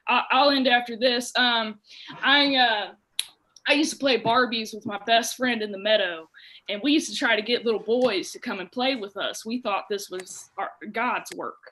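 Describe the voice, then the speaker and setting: Bright-voiced young woman doing stand-up. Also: a little high, normal speed, rough recording. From Dayton, Ohio. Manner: animated storytelling with shouted impressions and a sung bit. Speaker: stand-up comedian. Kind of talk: stand-up comedy set.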